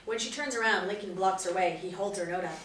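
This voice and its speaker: A woman narrator reading the stage directions at a table read, steady and matter-of-fact. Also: mid-range voice, quick pace. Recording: roomy, distant mic.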